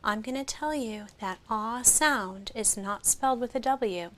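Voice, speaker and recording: A woman teaching a phonics lesson, sounding out vowels slowly and clearly and praising the listener. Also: on the high side, fairly bright tone, a little hiss or hum. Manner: slow, clear, encouraging, sounds out each vowel.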